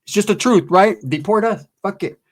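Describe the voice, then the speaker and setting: Brief: male stand-up comic, raunchy rambling storyteller, slightly raised pitch. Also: moderate pace. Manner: crude, rambling, tags lines with "right?"; acts out voices of people in the story. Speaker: stand-up comedian.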